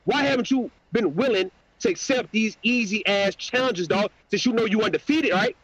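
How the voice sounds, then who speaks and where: A man with a very high, husky voice rants at length on his own channel, profane and combative, mocking his target. The audio is dull and lo-fi. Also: lively intonation, moderate pace, a bit bright. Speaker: YouTube channel host. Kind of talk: angry livestream rant.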